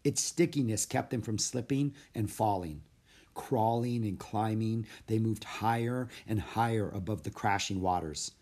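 A man narrating a children's storybook in a steady, measured reading voice. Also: lowish voice. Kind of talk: storybook read-aloud narration.

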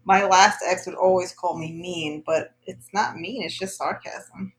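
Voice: mid-range voice, fairly even intonation, unhurried, fairly bright tone, husky, poor audio. A guest in a casual chat who talks in a laid-back, sarcastic way.

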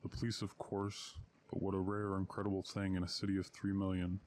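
A man narrating short stories in a measured, unhurried reading. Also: sits low, monotone, darkish tone, a little hiss or hum. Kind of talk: audiobook story reading.

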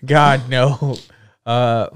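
A young man co-hosting a podcast in casual chat, laid-back with a dry, deadpan manner. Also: medium pitch, very slow, clean tone. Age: young adult.

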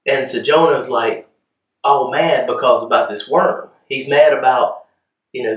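A pastor preaches at a measured pace in a church hall, his medium-pitched voice sounding far from the microphone amid the room's echo. He talks to the congregation casually, often asking whether they're with him.

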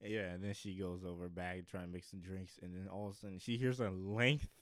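A man chatting in a relaxed comedic way, laughing often and briefly acting out other people in a quick voice. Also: sits low, no room sound. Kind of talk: casual comedic chat, acting out scenes.

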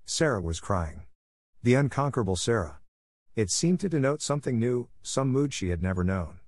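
A man reading a classic novel aloud in steady, measured audiobook narration. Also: mid-range voice, no echo, clean studio sound.

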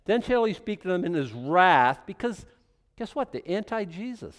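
Male preacher, chatty verse-by-verse teacher, voice sitting a bit high and swinging a lot. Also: moderate pace, long reverb tail. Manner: animated and conversational, with repeated restarts. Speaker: pastor teaching a Bible study. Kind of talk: sermon-style verse-by-verse teaching.

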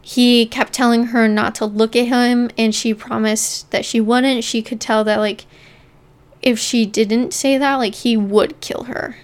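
Smooth-voiced woman telling a story casually. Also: on the high side, steady tone, unhurried. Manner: chatty, leans on "like" while narrating. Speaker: podcast co-host telling the story. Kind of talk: casual true-crime storytelling.

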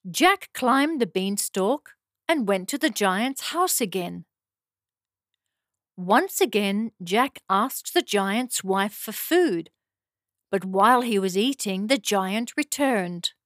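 A woman narrating a fairy tale for children in slow, simple, clear phrasing. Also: mid-range voice, expressive, a bit bright, dry recording, clean studio sound. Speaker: storyteller.

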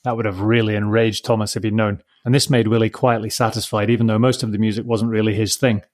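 A man reading a children's story aloud in a gentle, measured way, softly giving voice to the dialogue. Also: lowish voice, flat delivery. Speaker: narrator. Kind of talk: storybook narration.

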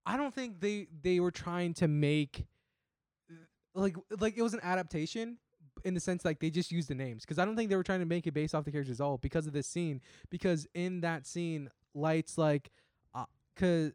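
A man's voice: a little high, normal speed, a little mellow, clear, resonant tone, no echo, clean studio sound. A man co-hosting a podcast in casual chat, talking loosely with frequent fillers and swearing. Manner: casual, swears, lots of likes and restarts. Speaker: podcast co-host.

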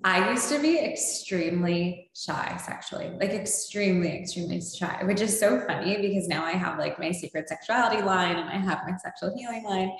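A woman's voice: lowish voice, brisk, hardly any pauses. A woman hosting a casual chat, telling a story in a bubbly way with many fillers and frequent laughter. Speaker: podcast host. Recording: very echoey room.

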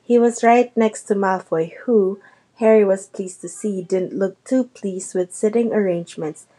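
A woman narrating a children's novel chapter aloud in a steady storytelling manner. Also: mid-range voice, a little slow. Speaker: reader. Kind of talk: audiobook narration.

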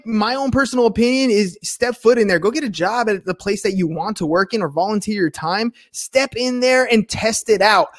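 High-voiced upbeat podcast host man. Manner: lively, joking, upbeat. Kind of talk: casual interview chat.

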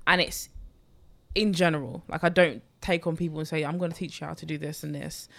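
Fast-talking London woman, lively storyteller. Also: low-pitched, creaky. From East London. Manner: animated storyteller, rapid bursts with sudden slow emphasis. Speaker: podcast guest, personal finance creator. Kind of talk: casual chat.

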